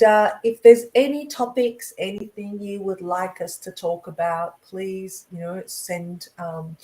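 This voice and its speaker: A woman co-hosting an online talk show over a video call, talking in a casual, animated way and laughing often. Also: lowish voice, low-quality recording. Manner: animated, laughs often, stretches words for emphasis. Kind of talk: casual chat.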